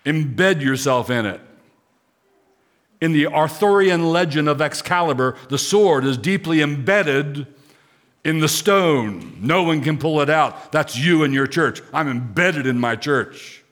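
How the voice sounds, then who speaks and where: Emphatic pastor preaching a sermon. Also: male voice, on the high side, lively intonation, measured pace, fairly bright tone. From Pennsylvania, United States. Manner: emphatic preaching with rhetorical questions and lists.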